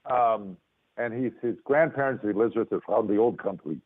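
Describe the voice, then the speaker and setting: A man, a lawyer and comedian, telling animated stories as a guest on a phone call, acting out other people's voices. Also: fairly low pitch, moderate pace. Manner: lively, acts out voices, restarts often. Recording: tinny phone line.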